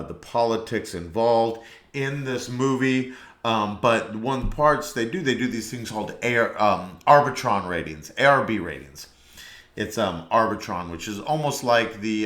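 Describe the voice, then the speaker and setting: A man with a somewhat low voice hosts a solo podcast in a relaxed, meandering monologue. He rambles from one thought to the next. His voice rings in a roomy, echoey space. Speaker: podcast host. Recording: echoey room.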